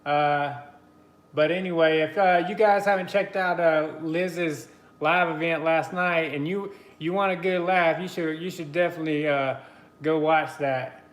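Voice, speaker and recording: A man's voice: fairly high pitch, fairly even intonation, a little slow, reverberant. A man hosting a casual live stream, chatty and greeting his viewers by name between easy laughs. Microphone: computer mic on a live stream.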